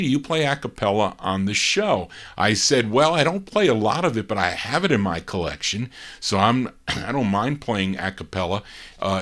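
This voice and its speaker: A man hosting a live oldies record show, introducing listener requests in relaxed, rambling patter with frequent fillers. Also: fairly low pitch. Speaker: oldies radio show host and DJ.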